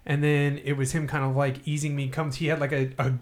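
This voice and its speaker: A man's voice: a little high, little pitch movement, fairly quick. A man telling a long personal story in casual podcast chat, rambling and laughing often.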